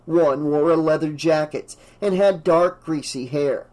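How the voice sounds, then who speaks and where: A man's voice: measured pace, low-quality recording. Man narrating a slasher audiobook. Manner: voices characters with raised pitch and louder shouts. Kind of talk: unabridged audiobook reading.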